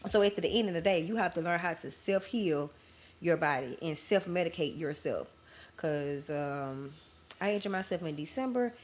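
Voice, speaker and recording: Low-voiced woman podcast host, candid. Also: lively intonation, moderate pace. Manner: candid, conversational, addresses listeners as y'all. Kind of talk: casual storytelling to listeners.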